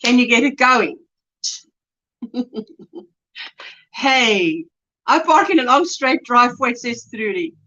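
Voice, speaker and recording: This South African crochet livestream host has a fairly high, expressive voice with a sharp tone, speaking slowly with long pauses. On lo-fi livestream audio, she chats casually while crocheting, often laughing as she reads comments from viewers.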